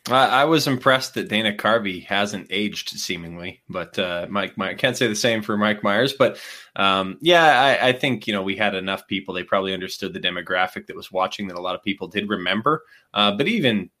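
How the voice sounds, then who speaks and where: A middle-aged man co-hosting a casual chat, laid-back and quick to laugh. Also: fairly low pitch, animated, sharp tone. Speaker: co-host.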